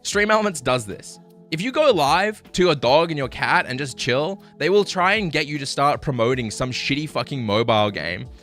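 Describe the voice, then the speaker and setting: A man ranting on a live stream, frustrated and swearing, apologizing, swinging between loud outbursts and low muttering. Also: expressive, moderate pace, faint music behind.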